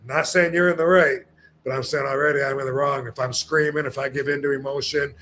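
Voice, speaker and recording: A man's voice: medium pitch, steady tone, fairly quick, bright, forceful tone, slight background noise. A man talking casually on a podcast, rambling with many fillers and restarts and acting out the people he quotes.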